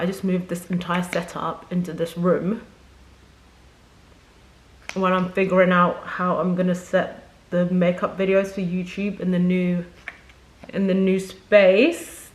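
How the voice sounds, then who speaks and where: A woman's voice: on the low side, flat delivery, measured pace. Young woman, beauty vlogger, casual chat to camera, rambling, effusive, home makeup setup. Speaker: beauty content creator.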